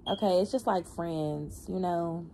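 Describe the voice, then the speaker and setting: A woman giving a casual spiritual card reading, animated and slangy, humming and laughing between lines. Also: lowish voice, measured pace, a little hiss or hum. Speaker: tarot reader.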